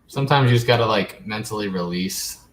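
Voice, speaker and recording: A man's voice: fairly low pitch, a little fast. A man hosting a casual live stream, rambling along and reading viewer comments aloud. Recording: echoey room with faint noise.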